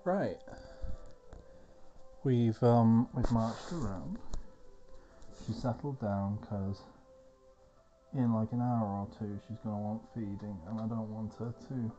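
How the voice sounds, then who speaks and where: An English man chatting loosely while he plays, rambling and poking fun at himself with plenty of swearing. His voice is mellow and relaxed. The recording is slightly dull and lo-fi, with faint music behind. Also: fairly low pitch, takes it slowly, long pauses. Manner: rambling, self-mocking, sweary asides. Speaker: streamer playing a game. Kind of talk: casual gameplay commentary.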